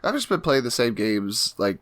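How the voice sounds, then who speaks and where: A man chatting loosely on a podcast, halting and restarting with plenty of fillers. He throws in dry jokes, and his voice sits at an everyday middle pitch. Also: big pitch swings, fairly bright tone, no room sound. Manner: joking, halting, with many fillers. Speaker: podcast co-host. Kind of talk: casual chat.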